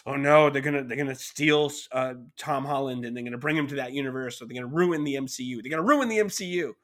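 A man imitating his agitated, distrustful friend, ranting loudly. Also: medium pitch, fast talker, natural voice. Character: agitated young male friend, angry and distrustful.

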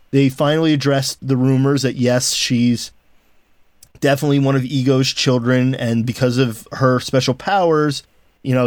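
A man co-hosting a podcast, explaining his opinions in casual chat with halting restarts. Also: medium pitch, darkish tone, no room sound. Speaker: podcast co-host.

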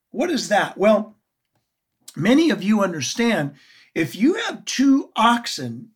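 A woman preaches slowly and deliberately, her voice a little husky. Her pitch rises and falls with feeling as she asks her listeners questions and leans on key words. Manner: earnest, expressive, asks the audience questions. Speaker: Bible teacher. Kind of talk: sermon teaching.

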